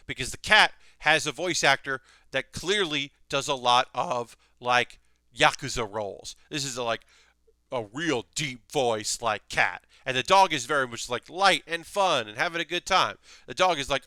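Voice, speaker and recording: A man's voice: on the high side, lively intonation, normal speed, bright, forceful tone, clean tone, dry recording. A young man hosting his own anime show, giving rambling casual commentary with lots of fillers and restarts. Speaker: anime video host.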